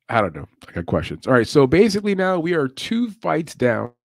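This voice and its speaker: A man's voice: fairly high pitch, vocal fry, no echo. A man hosting a casual live show, talking loosely with many laughs and asides. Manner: laid-back, chatty, laughs often. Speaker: podcast host.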